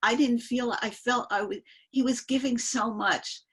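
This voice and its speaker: A woman's voice: fairly high pitch, steady tone, a little slow, a bit bright, breathy edge, poor audio. An older woman telling a rambling personal story to friends on a video call, interrupting herself and laughing as she goes. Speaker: guest storyteller. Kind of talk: casual spoken storytelling.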